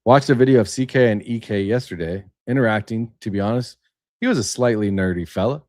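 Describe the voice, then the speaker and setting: A man's voice: on the low side, fairly quick, darkish tone, no echo, clean studio sound. A man hosting a casual livestream, rambling and emphatic, reading aloud and then riffing on it. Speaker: livestream host. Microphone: webcam setup.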